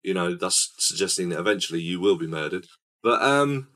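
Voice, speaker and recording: A man's voice: low-pitched, moderate pace, bright, forceful tone. A man hosting a casual film podcast, rambling and quizzical as he recaps a scene. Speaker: podcast host. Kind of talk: casual film-review chat.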